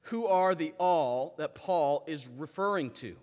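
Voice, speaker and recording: A man preaching in a church sanctuary, his fairly high voice ringing out with a long reverb tail. He calls on the congregation to answer back, and he moves between loud emphatic peaks and quiet, low asides. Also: expressive, measured pace, hardly any pauses. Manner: preaches with call-and-response to the congregation. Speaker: pastor. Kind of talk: sermon.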